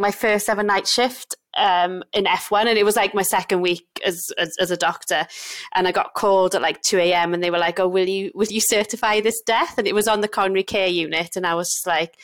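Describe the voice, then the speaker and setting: A woman's voice: medium pitch, steady tone, a little fast. Young Welsh woman, chatty doctor, rambling anecdotes with ums. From Wales. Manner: chatty storyteller with frequent fillers. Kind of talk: casual podcast chat.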